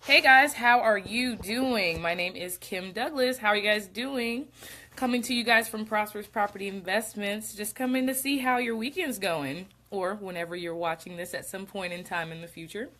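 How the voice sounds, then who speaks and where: A woman's voice: mid-range voice, normal speed, bright, forceful tone. A young adult woman hosting a casual livestream for her real estate business, sounding congested and short of breath as she chats and greets viewers. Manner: chatty, greets viewers mid-sentence. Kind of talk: casual live-stream talk.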